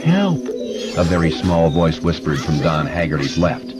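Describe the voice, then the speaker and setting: A man giving expressive, measured narration of a horror audiobook. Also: very deep voice. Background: music.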